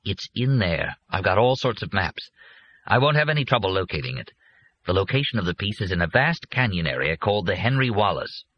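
A man voicing a calm, confident older businessman who explains his land deal to his son in a persuasive, matter-of-fact way. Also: sits low, fairly quick, husky, full character voice. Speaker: father. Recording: muffled lo-fi recording.

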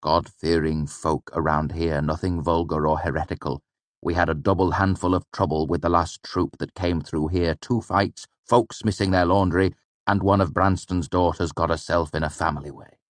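Narrator as a fussy, pious middle-aged mayor, stiff and prim. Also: male voice, deep voice, steady tone, moderate pace, no echo, natural voice. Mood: stern. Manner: stiff, then flustered and insistent.

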